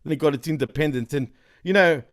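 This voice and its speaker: A man with an Australian accent, a podcast guest talking in an animated, slangy way with plenty of swearing, often slipping into other accents. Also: a little high, fast. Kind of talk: casual chat.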